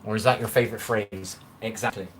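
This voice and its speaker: Fairly low-pitched and steady, this livestream host speaks briskly with a slightly bright sound, and there's a little background noise. He's a forties-aged man from England with a strong West Country accent, rambling casually through viewer comments from a room at home.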